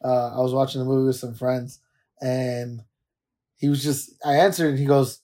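A man's voice: mid-range voice, flat delivery, moderate pace, warm tone. A laid-back man chatting on a fantasy football podcast in an ordinary mid-range voice. He tells stories easily and laughs often. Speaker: podcast co-host. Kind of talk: casual fantasy football chat.

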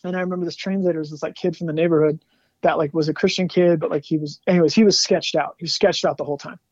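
A man guesting on an interview show, telling animated stories in a casual chat, laughing often and saying "like" a lot. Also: a little high, racing, no room sound, dull audio. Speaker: guest musician.

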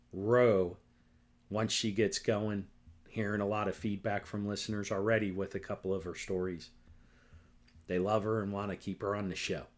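A middle-aged man hosting a solo podcast, ranting angrily and with lots of profanity, often tagging his points with "right?" and "okay?". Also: fairly low pitch. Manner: repetitive, keeps asking "right?" and "okay?". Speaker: podcast host.

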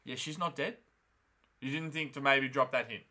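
A man with a bright, forceful voice talks casually as a podcast co-host, swearing freely and acting out what the characters say. His pitch sits in the middle range for a man. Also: normal speed. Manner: profane, animated, acts out characters' lines. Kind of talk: casual chat recapping a TV episode.

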